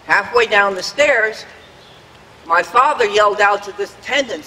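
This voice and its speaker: At a public dedication held outdoors, an older man delivers an earnest, prepared memorial speech, recalling the past and performing the voices he quotes. His high, bright, forceful voice has lively intonation and a measured pace, and the poor-quality audio sounds like a large hall.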